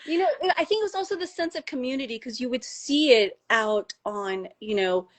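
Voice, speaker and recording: A middle-aged woman from the United States, a doctor telling a personal story in casual conversation, animated and rising high when she gets emotional. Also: normal speed. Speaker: doctor and podcast guest.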